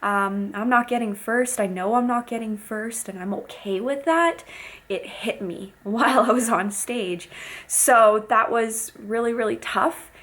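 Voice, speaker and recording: A woman's voice: fairly high pitch, unhurried, fairly bright tone. A woman who coaches fitness and competes in bikini shows, talking openly and casually to her viewers in a vlog. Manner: candid and open, chatty with fillers.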